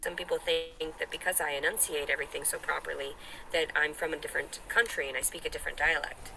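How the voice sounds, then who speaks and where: A woman's voice: low voice, fairly even intonation, fast talker, vocal fry, pushed and bright, slight background noise, rough recording. A woman in a clip from a vlog, talking in a rambling, self-important way. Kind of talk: casual vlog monologue.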